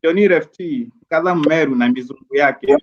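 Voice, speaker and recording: A playful, teasing man co-hosting a live online show, switching freely between English and Swahili. His voice sits a little high for a man, and the recording has a dull, lo-fi sound. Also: normal speed. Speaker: co-host. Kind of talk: casual live-show chat, reading viewer greetings.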